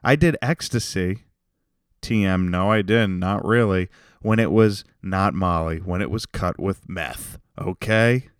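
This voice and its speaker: A man in his thirties hosts a solo podcast with a low, smooth voice. He rambles through crude jokes and rants, swearing freely and bursting into loud bits. The sound is dry and close. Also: a little slow, no room sound. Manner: rambling, profane, jokey with sudden loud bits. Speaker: podcast host. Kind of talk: solo comedic rant.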